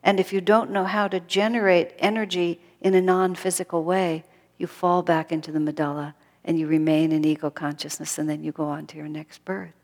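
A woman giving a thoughtful spiritual talk, dropping to a hush when she quotes others. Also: on the low side, flat delivery, brisk. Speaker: spiritual teacher. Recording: long reverb of a hall.

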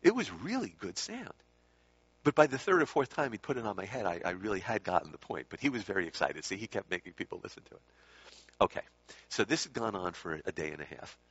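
A man recalls time with a spiritual teacher in a casual, rambling anecdote, correcting himself and tossing in asides. His lowish voice is quick, a bit bright and slightly rough, with big pitch swings, captured in a dull lo-fi recording without room sound.

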